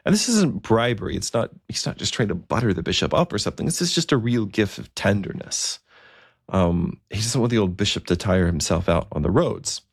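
A man's voice: fairly low pitch, expressive, brisk, vocal fry, husky, dry recording, clean studio sound. A man telling a story in a conversational, vivid style. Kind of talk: storytelling narration.

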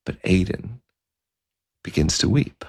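A man telling a historical story in a relaxed, conversational way, with asides and fillers. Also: low voice, takes it slowly, creaky, slightly rough, no room sound, clean studio sound.

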